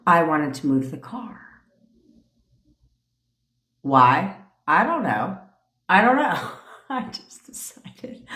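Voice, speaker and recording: A woman's voice: on the low side, fairly bright tone. A woman in her forties, a manifestation coach, telling a story on a livestream in a blunt, profane way, laughing often. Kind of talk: casual storytelling rant on a livestream. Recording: roomy echo.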